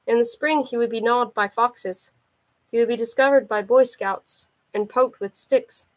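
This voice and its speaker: A woman reading a thriller novel aloud in a steady, unhurried narration. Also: on the high side. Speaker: audiobook reader.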